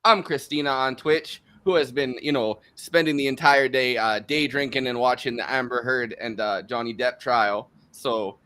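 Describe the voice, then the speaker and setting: A man's voice: medium pitch, fairly even intonation, normal speed, few pauses, sharp tone. Casual American man hosting a podcast. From United States. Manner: loose and jokey, laughs often. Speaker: podcast host.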